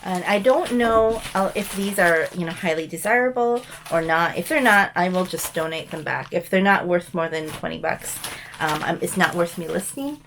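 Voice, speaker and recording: A woman's voice: on the low side, normal speed, creaky, fairly bright tone, slight background noise. A woman chatting casually as she shows mail and thrift finds, rambling with frequent ums and restarts. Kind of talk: casual show-and-tell chat.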